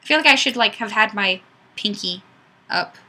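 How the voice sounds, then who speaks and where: A woman's voice: mid-range voice, lively intonation, moderate pace, sharp tone. A woman hosting a webcam livestream, reading viewer comments in a chatty, self-deprecating way. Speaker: livestream host. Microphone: webcam mic.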